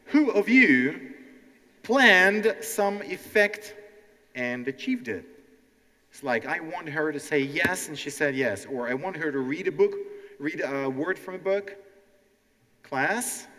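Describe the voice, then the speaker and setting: Brief: man, bright animated stage teacher, echoing hall, faint music. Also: medium pitch. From Ukraine. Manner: animated, keeps asking "okay?", acts out quotes. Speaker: language teacher hosting a stage show. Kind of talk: interactive stand-up lesson. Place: stage in a hall before a live audience.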